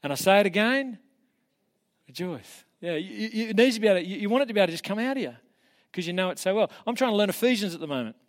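A man's voice: high voice, lively intonation, rapid-fire. A man giving a casual, earnest teaching talk, encouraging his listeners in a conversational way. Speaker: preacher.

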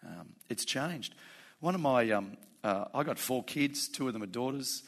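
A man's voice: mid-range voice, expressive, moderate pace, a bit bright. A male pastor preaching a sermon, talking in a plain, conversational way that builds into fervent emphasis.

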